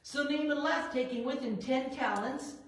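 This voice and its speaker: A woman leading a Bible study, reading verses and acting out the characters' lines with lively emphasis. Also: high voice, moderate pace. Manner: expressive, acts out biblical characters in quoted dialogue. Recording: roomy echo, voice a bit far from the mic.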